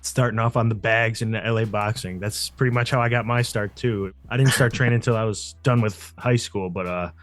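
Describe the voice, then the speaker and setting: A man's voice: lowish voice, fairly even intonation, a little fast, few pauses, faint music behind. A young man hosting a podcast, asking questions and sharing his own start in a laid-back, slangy way. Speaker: podcast host. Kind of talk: casual interview chat.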